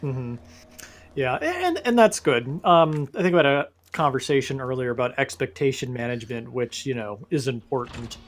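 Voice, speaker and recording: A man's voice: medium pitch, fairly quick, hardly any pauses. A man co-hosting a let's play show, chatting casually with wry, rambling stories. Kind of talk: casual gaming chat.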